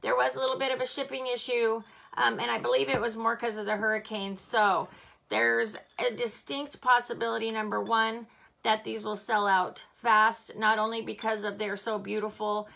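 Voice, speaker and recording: Bubbly, gravelly-voiced woman selling home fragrance. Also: medium pitch, pushed and bright. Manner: bubbly, chatty, laughs often. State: slightly hoarse from hollering. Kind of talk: live product demo vlog.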